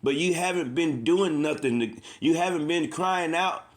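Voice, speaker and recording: A man with a fairly high voice preaches on the street at a moderate pace, informal and fervent. He repeats points, uses "man" a lot, and stops to read scripture aloud between his own words.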